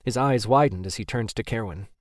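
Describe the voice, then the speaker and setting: A man narrating an audiobook in a steady, even storytelling manner. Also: fairly low pitch, fairly quick, no room sound, clean studio sound.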